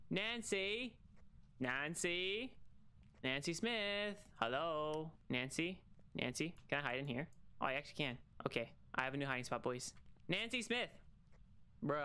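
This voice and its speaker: Bright, clear-voiced young male streamer. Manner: chatty and teasing, calling out to the ghost in a singsong; bursts into high excited shouts. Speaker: game streamer. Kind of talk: solo gaming livestream.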